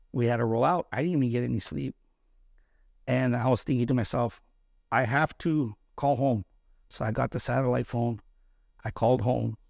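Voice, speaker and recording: Gravelly, blunt, profane veteran man. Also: mid-range voice, no room sound, clean studio sound. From East Los Angeles, USA. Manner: blunt, profane, repeats words when emotional, acts out quoted voices. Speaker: interview guest, Army combat veteran. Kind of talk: candid storytelling interview.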